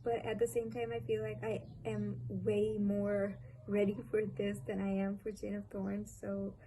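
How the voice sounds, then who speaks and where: A young Pakistani woman with a Pakistani English accent chats casually and gushingly about books on her vlog at home, often repeating herself for emphasis. Her mid-range voice is warm yet completely flat in delivery and unhurried, and the audio is poor. Faint street noise and a street vendor's calls can be heard outside.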